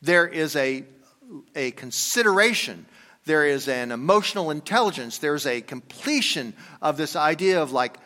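Older male pastor, slightly high voice, storytelling sermon, hall echo. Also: animated, normal speed. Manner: storytelling, conversational, drops to quiet asides. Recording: long reverb from a hall.

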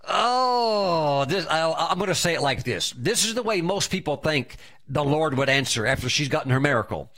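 Animated preaching pastor, lively pitch. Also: male voice. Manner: animated preaching with shouted exclamations. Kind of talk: sermon.

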